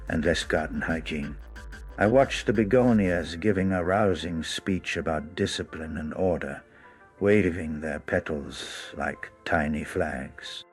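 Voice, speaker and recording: A man telling a scripted first-person story as narrator, wry and amused. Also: deep voice.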